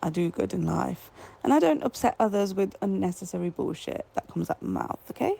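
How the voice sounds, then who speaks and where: Gravelly, husky woman, defiant and dismissive. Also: medium pitch, expressive, fairly quick, mellow, low-quality recording. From Britain. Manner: defiant, matter-of-fact, dismissive. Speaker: voice note sender. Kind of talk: voice-note reply.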